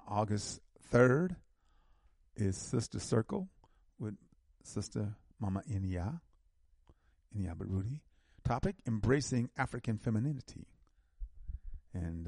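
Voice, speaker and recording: A man hosting a community radio show, reading out local announcements and repeating phone numbers slowly with emphatic stresses. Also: lowish voice, gravelly, dark tone, slightly rough, no echo, clean studio sound.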